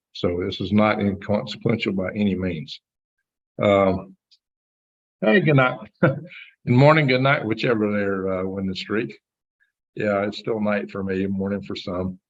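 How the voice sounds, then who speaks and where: Husky-voiced man streaming live. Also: lowish voice. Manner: rambling, reads chat aloud, chuckles at himself. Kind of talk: casual live-stream commentary. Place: home computer setup. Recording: dull lo-fi stream audio.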